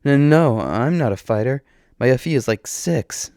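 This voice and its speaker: A man's voice: medium pitch, lively intonation, normal speed, darkish tone, dry recording, studio quality, pitched above the performer's own voice, natural voice. A man voicing a timid, cowardly young woman who speaks awkwardly in a trembling voice. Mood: flustered.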